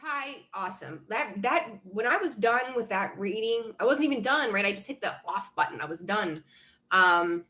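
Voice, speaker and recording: A woman's voice: mid-range voice, animated, moderate pace, bright, forceful tone. Woman, tarot livestream host, casual chat, chatty and rambling, full of ums. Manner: chatty, rambling, reads out viewer comments; frequent fillers and self-corrections. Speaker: tarot reader hosting a livestream.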